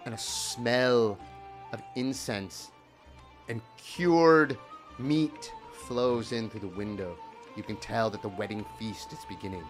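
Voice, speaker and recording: A man's voice: on the low side, takes it slowly, soft background music. Man narrating a tabletop game. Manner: loose, playful narration. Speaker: dungeon master.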